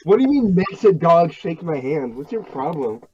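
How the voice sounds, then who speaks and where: A man's voice: fairly high pitch, big pitch swings, moderate pace, muffled recording, a crowd in the background. A man co-hosting a casual group podcast, swearing often and teasing the others in disbelief. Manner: swears a lot, teasing, incredulous. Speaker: podcast co-host.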